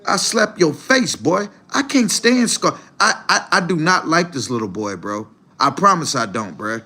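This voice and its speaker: An older man from Mississippi hosts a live stream, reacting to clips and mocking another creator with blunt, profane commentary. His voice is fairly high and lively in intonation, a little slow, with a pushed, bright quality.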